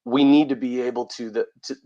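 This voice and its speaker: A man's voice: medium pitch, fairly even intonation, brisk, dark tone, lo-fi sound. A man co-hosting a podcast, talking casually and bluntly, with some swearing. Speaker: podcast co-host.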